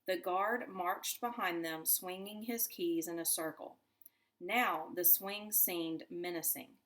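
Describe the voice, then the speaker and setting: Slow, low-voiced teacher reading a story. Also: female voice, a bit bright. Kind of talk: children's book read-aloud.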